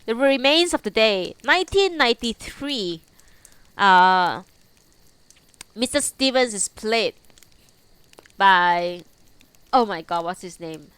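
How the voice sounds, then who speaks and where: Casting: young woman, chatty streamer, giggly, teary, bright lively voice, unhurried. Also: mid-range voice, smooth, no room sound. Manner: giggly, chatty, talks back to chat. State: teary after crying. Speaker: live streamer reading books to chat. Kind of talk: casual chat between readings.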